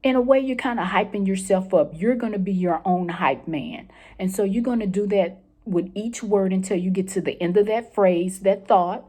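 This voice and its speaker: Woman coach giving a self-help talk, warm mellow tone, keeps asking "okay?". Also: mid-range voice. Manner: encouraging, repeats key points, checks in with "okay". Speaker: mental health coach.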